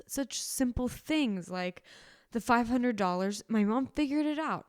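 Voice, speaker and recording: Young woman, podcast co-host, smooth voice, close dry mic, rambling heartfelt chat. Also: on the high side, expressive, a little slow, no room sound. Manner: rambling, self-correcting, emotional storytelling. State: sick. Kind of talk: casual chat.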